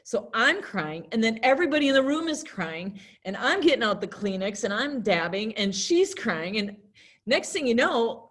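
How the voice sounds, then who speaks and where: A middle-aged American woman teaching a class in a lively, chatty way, acting out little scenes as she explains. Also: on the high side, normal speed. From United States. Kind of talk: classroom lesson talk.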